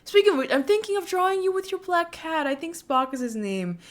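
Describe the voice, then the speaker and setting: A woman in her twenties chatting casually with her viewers as a streamer, talking warmly and laughing often. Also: very high voice, very animated, fairly quick. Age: 20s. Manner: chatty, frequent laughs, speaks warmly to chat.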